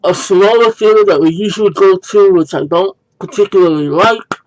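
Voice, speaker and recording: A man's voice: high-pitched, moderate pace. A man giving a casual spoken movie review, rambling and correcting himself as he goes, with a mildly exasperated manner. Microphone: wrong built-in mic instead of the intended USB mic. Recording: dull lo-fi home recording.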